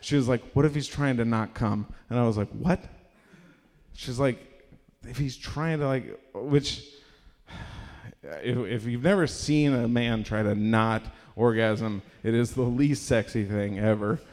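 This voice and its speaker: A young man doing a stand-up comedy set in a live venue, rambling and self-deprecating, bursting into loud acted-out voices. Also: mid-range voice, a little slow. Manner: rambling, self-deprecating, acts out characters loudly. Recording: live room with long reverb.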